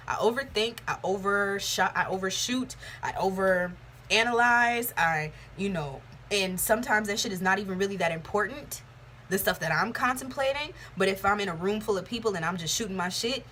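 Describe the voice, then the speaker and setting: A young woman gives a tarot reading in a loose, chatty way. She is frank and rambling and swears freely. Her voice is bright and forward, with a faint hiss of noise behind it. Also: medium pitch. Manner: candid, profane, rambling. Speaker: tarot reader. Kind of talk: casual tarot reading vlog.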